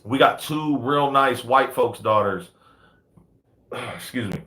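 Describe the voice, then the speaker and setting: Under big indoor lights, a dog breeder in his thirties runs a casual livestream, easygoing and leaning on "man" and "you know what I mean." The sound is roomy, and his mid-range voice comes across a bit bright.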